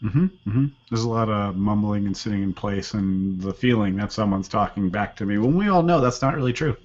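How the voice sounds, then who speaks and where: A man playing at a tabletop game, making quick, dry remarks. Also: fairly low pitch, darkish tone. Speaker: player. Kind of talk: casual chat at a game table. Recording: dull lo-fi recording, away from mic.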